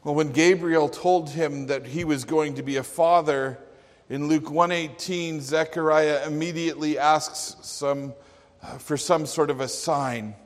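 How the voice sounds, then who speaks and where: A man's voice: a little high, steady tone, measured pace. A man preaching a sermon in an earnest, emphatic manner. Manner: earnest, emphatic, with acted quotes. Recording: long hall reverb.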